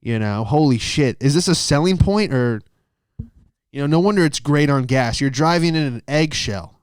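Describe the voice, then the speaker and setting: A man's voice: a little high, expressive, moderate pace, smooth, dry recording, studio quality. A man doing a casual comedy monologue on his podcast. He talks in a rambling, profane way and keeps losing his train of thought. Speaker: stand-up comedian and podcast host.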